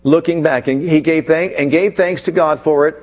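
A man with a fairly high voice delivers a sermon. He retells the story with dramatic flair and stretches key phrases slowly for weight. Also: steady tone, a little mellow. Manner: dramatic storytelling, slows for emphasis. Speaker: pastor.

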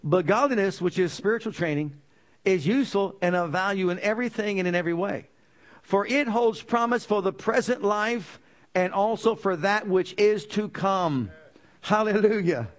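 Male preacher, high voice, emphatic sermon delivery, asks the congregation to finish his lines, drops low and soft to plead. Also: moderate pace. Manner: call-and-response questions to the congregation. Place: church.

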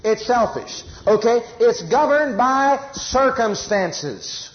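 A man preaching a sermon in an animated way, repeating phrases for emphasis and acting out everyday quarrels. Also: extremely high pitch, takes it slowly, highs cut off.

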